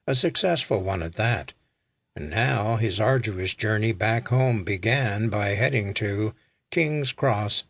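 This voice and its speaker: A man narrating an audiobook in a measured, deliberate way. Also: mid-range voice, dry recording. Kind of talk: scripted narration.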